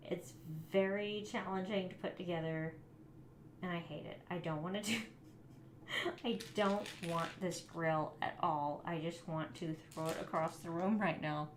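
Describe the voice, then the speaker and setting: A woman hosts a live building stream, talking slowly and half to herself. She often mutters softly while she works. Her voice rings in a roomy space over a faint background hum. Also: lowish voice, steady tone. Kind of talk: casual live-stream chat.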